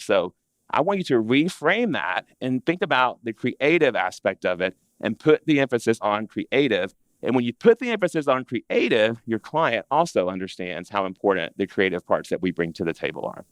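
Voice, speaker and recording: A man presenting to an audience of interior designers in a chatty, animated way, acting out what clients say. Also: mid-range voice, dry recording. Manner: animated, conversational, acts out clients' complaints. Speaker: interior design business educator. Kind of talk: live presentation to a seated audience.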